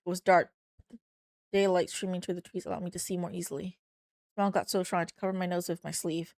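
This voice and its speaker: A woman's voice: fairly low pitch, flat delivery, quick pace, a little mellow. A woman playing a story game, reading the narration aloud and breaking off to curse and scold herself. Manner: exclaims at jump scares.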